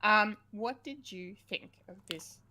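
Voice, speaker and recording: A woman co-hosting a casual pop-culture podcast, chatty and quick to laugh, with lots of fillers. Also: mid-range voice, bright, forceful tone. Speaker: podcast co-host.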